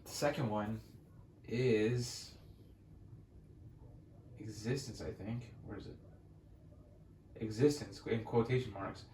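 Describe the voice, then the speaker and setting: A young man rambles through casual gameplay commentary, swearing often and restarting his thoughts. His voice sits a little low. It is recorded in an echoey room with a faint hiss behind it. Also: darkish tone. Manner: rambling, swears freely, frequent restarts and fillers. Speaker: gaming channel host.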